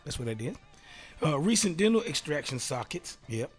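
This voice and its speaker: A man's voice: on the high side, sing-song, normal speed, breathy edge, soft background music. A man hosting a casual solo talk show, reading aloud and joking around, laughing often and dropping into whispered asides. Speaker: radio host.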